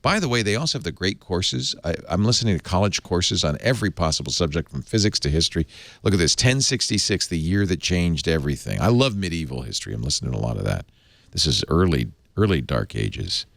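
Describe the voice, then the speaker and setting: A man's voice: low-pitched, big pitch swings, fast talker, creaky, a bit bright, no room sound. A man hosting a tech talk show, reading an ad in an enthusiastic, chatty, rambling way. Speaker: podcast host.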